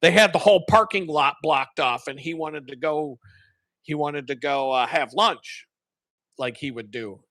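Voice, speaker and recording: Bright-voiced man telling stories. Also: a little high, unhurried, no echo. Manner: profane, animated, laughs often. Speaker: live streamer. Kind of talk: casual storytelling.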